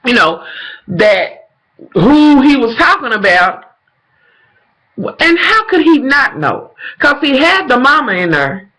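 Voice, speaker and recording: Sassy high-voiced man with twang. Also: slow pace, long pauses, rough recording. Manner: animated, profane, sassy storytelling addressing viewers as y'all. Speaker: vlogger recapping a TV episode. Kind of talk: casual chat.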